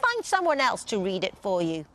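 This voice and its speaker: A woman's voice: mid-range voice, wildly swooping pitch, normal speed, fairly bright tone. A woman voicing a grumpy, mischievous little fairy in a bedtime storybook.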